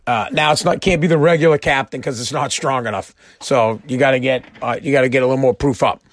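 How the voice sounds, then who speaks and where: A man's voice: mid-range voice, quick pace, no echo. Blunt joking man ranting, dry close sound. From Massachusetts. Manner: blunt, joking, swears freely. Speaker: host of a live-streamed show. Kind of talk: casual rant.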